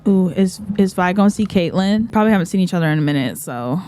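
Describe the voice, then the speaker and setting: Excitable woman reacting to a show. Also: fairly low pitch, fast talker. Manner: excitable, exclaiming. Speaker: reaction video host. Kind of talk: casual reaction commentary.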